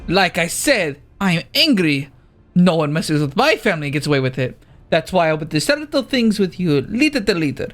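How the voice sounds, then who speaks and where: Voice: medium pitch, big pitch swings, normal speed, fairly bright tone. A video game player voicing a tough, straight-talking woman clan leader with a drawling folksy accent that wanders as the lines go on. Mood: resolute. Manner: drawling, uses "ain't". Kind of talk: reading game dialogue aloud in character.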